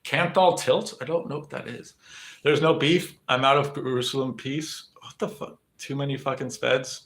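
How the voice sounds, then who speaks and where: A man's voice: medium pitch, fairly even intonation, normal speed, a bit bright, roomy sound. A young man streaming live, rambling to his chat with lots of swearing, fillers and restarts. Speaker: livestreamer.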